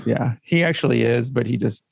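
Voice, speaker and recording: A man's voice: medium pitch, fairly quick, vocal fry, a little mellow, breathy edge, dry recording, studio quality. A man co-hosting a podcast in loose, joking banter, swearing freely as he chats. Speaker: podcast co-host.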